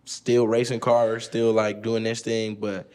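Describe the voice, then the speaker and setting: A man's voice: lowish voice, level tone, measured pace, a little mellow. A man hosting a casual podcast, asking questions and rambling in slang. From Milwaukee area. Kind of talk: casual chat.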